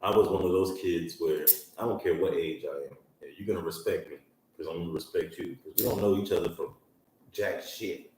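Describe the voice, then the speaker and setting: A man's voice: low voice, fairly even intonation, brisk, a little mellow, slight background noise. A man co-hosting a podcast, talking in a blunt, profane, combative way in casual chat. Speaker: podcast co-host. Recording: echoey room, mic far off.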